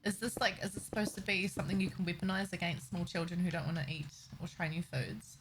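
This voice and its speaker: On the low side and steady in tone, this young woman's voice moves at a quick pace as she chats casually and giggles with her chat during a game livestream. She's from New Zealand with a slightly Americanized Kiwi accent, and the low-quality recording has music in the background.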